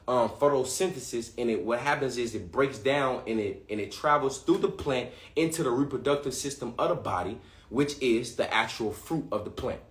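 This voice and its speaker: A man hosting a livestream, talking excitedly in casual slang, often restarting and repeating himself. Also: medium pitch, reverberant. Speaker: livestream host. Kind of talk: live-streamed talk to viewers.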